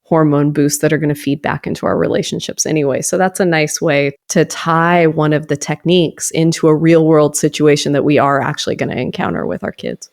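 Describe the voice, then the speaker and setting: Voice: mid-range voice, fairly even intonation, brisk, hardly any pauses. A podcast guest explaining how a technique fits real life. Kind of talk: casual conversation.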